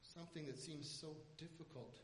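A male pastor preaching a sermon, telling the story with animated, building emphasis. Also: on the high side, normal speed, reverberant, big-room sound, a little hiss or hum.

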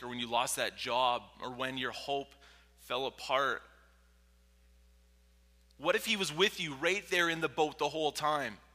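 Male pastor, sermon delivery; sharp bright tone, dramatic loud-to-whisper swings, long church reverb. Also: medium pitch. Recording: long reverb from a large hall.

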